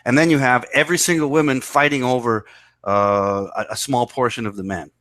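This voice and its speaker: A man's voice: medium pitch, fairly even intonation, brisk, fairly bright tone, no room sound. Lecturing man with a dry sound. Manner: lecturing, repetitive explaining. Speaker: podcast co-host. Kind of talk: casual chat.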